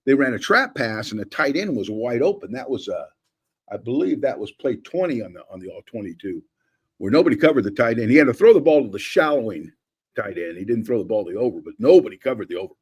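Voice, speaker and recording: An older man, a former football coach, breaking down game film in a lively, rambling way, acting out old conversations. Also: mid-range voice, quick pace, husky. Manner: animated, acts out quotes, many restarts. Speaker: former offensive coordinator, analyst.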